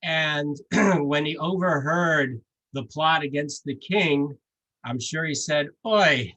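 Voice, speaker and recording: Male rabbi, sermon, unhurried delivery, slightly high, crisp bright tone, chatty storytelling. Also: fairly even intonation, poor audio. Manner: storytelling, conversational with jokes and asides.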